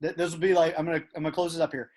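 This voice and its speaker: A man's voice: on the high side, level tone, rapid-fire, a little mellow. A man hosting a casual podcast chat, rambling and emphatic with many restarts. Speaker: podcast host. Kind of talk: casual conversation.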